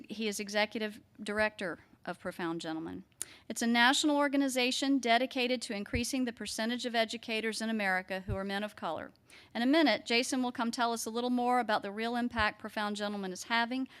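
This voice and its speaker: A woman's voice: fairly high pitch, fairly bright tone, clean tone. Polished woman moderator introducing speakers. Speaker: event moderator.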